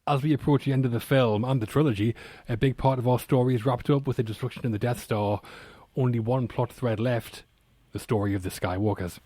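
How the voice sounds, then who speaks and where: A man's voice: medium pitch, a little fast, mellow, a little hiss or hum. A man co-hosting a film podcast, sharing trivia in an informative way with dry asides. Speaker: podcast co-host. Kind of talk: casual film chat with trivia.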